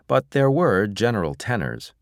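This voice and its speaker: A man narrating an audiobook in a steady, even storytelling manner. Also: on the low side, normal speed, gravelly, no room sound, studio quality. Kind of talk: scripted narration.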